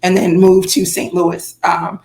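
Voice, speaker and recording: A woman's voice: lowish voice, unhurried, creaky. A woman co-hosting a casual music podcast, telling stories with lots of fillers and restarts. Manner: animated storyteller, frequent fillers and restarts. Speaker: podcast co-host. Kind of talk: casual chat.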